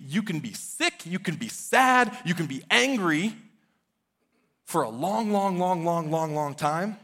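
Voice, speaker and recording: A pastor in his thirties, with a fairly high and slightly bright voice, preaches a sermon. He comes across as earnest and conversational, frequently dropping in casual fillers.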